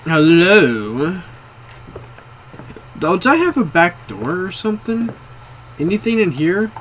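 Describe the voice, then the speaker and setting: A man's voice: high voice, very animated, slow pace, a bit bright, a little hiss or hum. A young man playing a horror game, jumpy, swearing often and talking to himself. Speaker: gamer.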